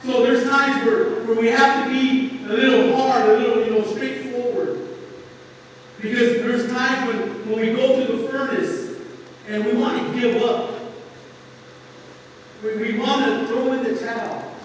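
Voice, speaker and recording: High-voiced pastor echoing in a hall. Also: male voice, flat delivery, measured pace. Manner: earnest, conversational preaching with homey humor. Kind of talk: informal sermon. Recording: echoey hall, voice from far off, faint noise.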